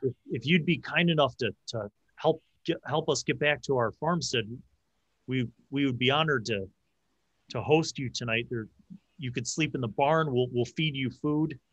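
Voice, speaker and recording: A man's voice: mid-range voice, a bit bright, breathy edge, no echo, highs cut off. A man narrating a tabletop game as game master, often restarting his sentences. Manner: halting, frequent restarts.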